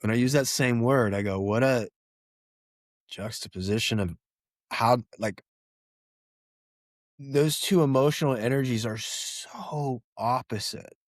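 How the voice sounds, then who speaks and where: A man co-hosting a podcast, telling anecdotes in a lively way and acting out what people said. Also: mid-range voice, measured pace, pauses often, no echo, clean studio sound. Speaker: podcast co-host. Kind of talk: casual podcast conversation.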